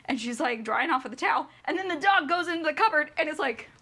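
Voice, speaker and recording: Woman streamer ranting, swearing a lot, voice all over the place, bright. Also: high voice, expressive, quick pace. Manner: profane, sarcastic, laughing. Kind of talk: ranting book review.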